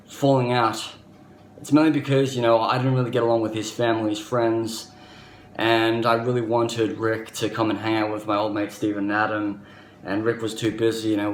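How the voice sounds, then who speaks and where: An Australian man in his thirties tells a personal story in an earnest, rambling manner, his voice at an ordinary middle pitch. He is recorded in a roomy, echoey space, with a faint hiss of background noise underneath. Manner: earnest, rambling, leans on "basically" and "you know". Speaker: vlogger.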